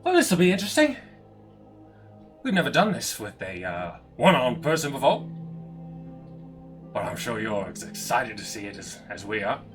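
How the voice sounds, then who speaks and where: A man puts on a cruel pirate captain with a sneering, mocking way of making threats. The voice is bright and keen, and it swings widely up and down in pitch. It plays over faint music in a tabletop game. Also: sing-song, normal speed, pauses often. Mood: taunting. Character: menacing male pirate captain, cruel and taunting.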